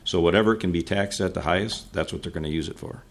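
Deep-voiced senator dictating an amendment. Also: male voice, background noise. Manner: halting, dictating amendment wording slowly. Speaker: state senator. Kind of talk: committee hearing testimony.

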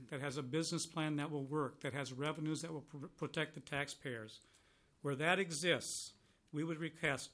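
Middle-aged man testifying at a hearing, earnest and emphatic, voice a touch high. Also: fairly bright tone. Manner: earnest, emphatic, repeats words for stress. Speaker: county commissioner testifying. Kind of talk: formal testimony to a legislative committee. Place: legislative hearing room.

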